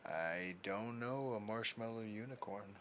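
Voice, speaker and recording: A man's voice: fairly low pitch, unhurried, a bit bright, slight background noise. A young man hosting a livestream, chatting casually and reading viewer comments aloud while fixing his setup. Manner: rambling, reads chat aloud while fiddling with setup. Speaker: livestream host.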